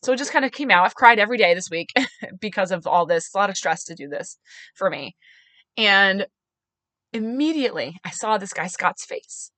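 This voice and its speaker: A woman's voice: medium pitch, lively intonation, normal speed, pushed and bright, dry recording. A woman hosting a podcast, telling a personal story in an emphatic, chatty way with lots of filler words. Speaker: podcast host and mayoral candidate.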